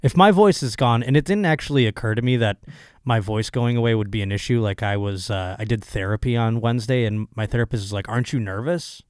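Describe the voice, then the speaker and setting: Hoarse man rambling on his podcast. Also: fairly low pitch, quick pace, dry recording, studio quality. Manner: rambling, profane, excitable. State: hoarse, voice still recovering. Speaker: comedian podcast host. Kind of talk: casual solo podcast monologue.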